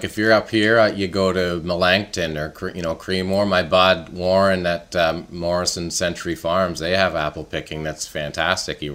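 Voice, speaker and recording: A man's voice: sits low, a bit bright. Laughing, rambling man. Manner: rambling storyteller, laughs often. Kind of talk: casual chat.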